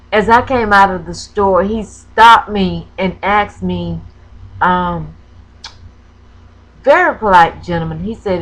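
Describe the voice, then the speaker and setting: A woman from Florida with a lowish voice talks to her viewers in a craft vlog. She halts often with ums and corrects herself. She sounds emotional, on the edge of tears. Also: a bit bright, low-quality recording. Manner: hesitant, with many ums and self-corrections. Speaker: crafting vlogger. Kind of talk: personal storytelling vlog.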